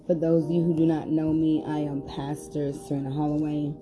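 Woman, pastor, podcast Bible study, lowish voice, fervent scripture reading. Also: monotone, fairly quick. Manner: reads scripture with rising emphasis, hesitant fillers.

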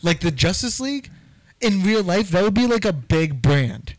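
A man's voice: high-pitched, big pitch swings, moderate pace, no echo, low-quality recording. A man casually retelling a show plot on a podcast, rambling with lots of fillers. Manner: rambling storyteller, fillers and acted quotes. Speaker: podcast co-host. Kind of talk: casual chat.

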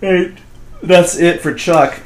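A man in casual podcast chat, retelling a movie plot in quick bursts and acting out the characters' lines. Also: sits high. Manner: rambling retelling, quick bursts, acts out quotes. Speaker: podcast co-host. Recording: roomy echo.

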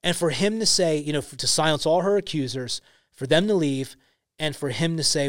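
A young man talks earnestly on a faith podcast, stressing his points and leaning on casual fillers. His voice sits a little high. The sound is dry and close to the mic. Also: brisk, fairly bright tone, no echo. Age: young adult. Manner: earnest, emphatic storytelling with many "like" fillers. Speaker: podcast guest, ministry founder.

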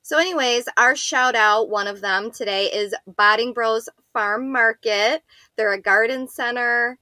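Bright frank woman from Buffalo, podcast co-host. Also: fairly high pitch, no room sound. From Buffalo, New York. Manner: frank, swears freely. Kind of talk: casual chat.

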